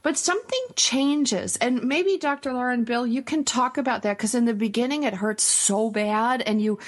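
A woman from a small town in northern New York, telling funny stories in casual chat as a guest on a radio talk show, animated and quick to giggle. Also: on the high side. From small town in northern New York State. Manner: animated, giggly, self-deprecating storyteller.

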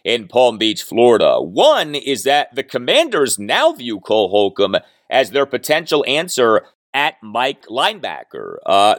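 Male podcast host, low and animated, dry studio-close delivery, emphatic analysis. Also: no room sound. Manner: analytical, emphatic, asks listeners rhetorical questions. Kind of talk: sports talk monologue.

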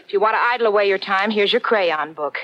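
A woman's voice: mid-range voice, quick pace, muffled recording, very noisy, lightly acted. An actress playing an anxious, doting young woman who also narrates, in a 1940s radio comedy. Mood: fretful. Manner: fretful, doting.

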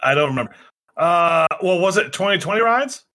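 A man's voice: a little high, animated, brisk, pushed and bright. A man co-hosting a casual podcast who reads out listener questions, teasing and swearing with lots of ums and uhs. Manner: teasing, swearing, hesitant with fillers when reading. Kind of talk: casual chat.

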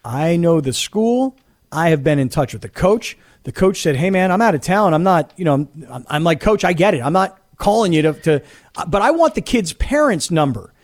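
A middle-aged man hosting sports talk radio, telling a story in an animated, indignant way. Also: on the high side, normal speed. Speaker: radio host.

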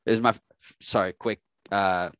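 A young man, a sports reporter, telling stories in a casual chat, animated and laughing often. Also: fairly low pitch, moderate pace, no room sound.

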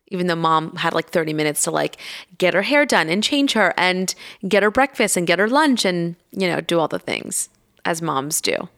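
A woman's voice: fairly low pitch, animated, normal speed, creaky, fairly bright tone. A woman in her thirties co-hosting a casual podcast, telling family stories in a chatty way full of fillers. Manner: chatty storyteller, lots of fillers. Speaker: podcast co-host, mother. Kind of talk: casual chat.

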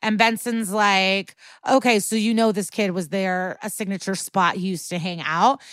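A woman's voice: mid-range voice, fairly even intonation, moderate pace, fairly bright tone, dry recording. Chatty woman with a dry close sound. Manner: chatty, profane, acts out quotes. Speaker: podcast co-host. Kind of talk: casual episode recap.

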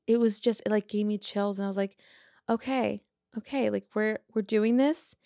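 Chatty woman with gravelly vocal fry. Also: medium pitch, brisk, warm tone, dry recording, studio quality. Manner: chatty, rambling, many fillers. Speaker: podcast host. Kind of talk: casual personal update.

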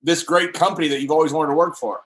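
A man's voice: on the high side, steady tone, fast, fairly bright tone. A man interviewing a guest, laughing easily and asking leading questions. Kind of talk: casual interview.

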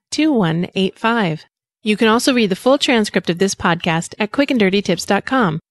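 A woman's voice: mid-range voice, no echo, clean studio sound. A woman in her thirties hosting a parenting podcast, reading friendly scripted narration.

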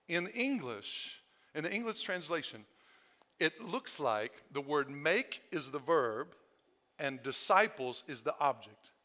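A male pastor preaching with a high, bright, ringing voice. He moves between fervent, near-shouted calls and calm, low-key explanation. The delivery is animated and earnest. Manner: swings from fervent shouting to quiet teaching. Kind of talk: sermon.

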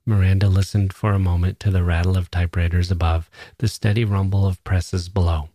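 A man reading a literary short novel aloud in a measured, even way. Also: low-pitched, no room sound, clean studio sound. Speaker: audiobook reader. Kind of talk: literary story narration.

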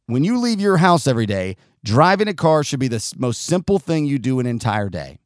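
A man's voice: mid-range voice, sing-song, brisk, dry recording, studio quality. A man hosting a talk show, giving a blunt, profane monologue and sometimes acting out angry drivers. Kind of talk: opinionated monologue.

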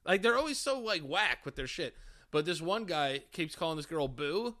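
A man with a bright, high voice and very lively pitch co-hosts a podcast, trading crude jokes and laughing often. His talk is animated and loose. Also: moderate pace. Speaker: podcast co-host. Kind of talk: casual comedic chat.

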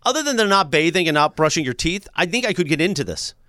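A man's voice: fairly high pitch, sing-song, fast talker, bright, forceful tone, no echo, studio quality. A man in his forties co-hosting sports radio, joking and defensive in casual banter. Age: 40s. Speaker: radio host.

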